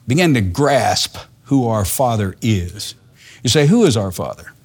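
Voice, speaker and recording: An older man preaching a sermon in a folksy, earnest way, dropping to soft asides and rising to emphatic lines. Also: on the low side, very animated, a little slow, slightly rough.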